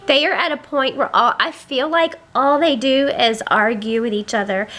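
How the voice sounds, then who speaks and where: Chatty high-voiced young mom. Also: female voice, moderate pace. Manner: chatty, rambling, exasperated by kids. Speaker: family vlogger, mom. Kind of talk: casual chat to camera. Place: family home. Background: children squealing and yelling.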